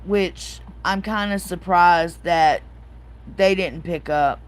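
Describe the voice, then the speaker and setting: This is a woman hosting a casual livestream. She talks at an unhurried, drawn-out pace, spinning a chatty story and greeting viewers as she reads their comments. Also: on the low side, clean tone, low-quality recording. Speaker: host.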